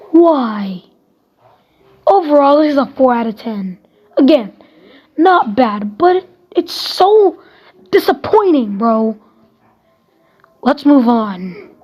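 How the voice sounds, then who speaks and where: A woman's voice: high-pitched, husky. A woman giving a casual spoken review of a TV episode, exasperated and emphatic, ranting and swearing casually. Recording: dull lo-fi recording.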